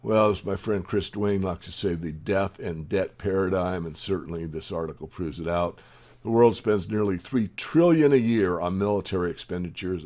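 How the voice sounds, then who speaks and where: A man hosting a newsletter video, reading news headlines aloud and adding his own opinionated asides. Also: sits low. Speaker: newsletter host.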